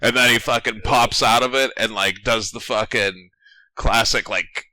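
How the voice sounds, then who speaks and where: Man, low-pitched but very bright tone, animated casual podcast chat. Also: normal speed, no room sound. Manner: animated storytelling, swearing, laughing. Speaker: podcast co-host.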